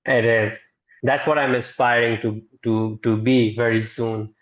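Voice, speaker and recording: A man's voice: mid-range voice, flat delivery, measured pace, lo-fi sound. A man co-hosting a casual therapy discussion over a video call, speaking earnestly and repeating words as he starts. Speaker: therapist and book club co-host.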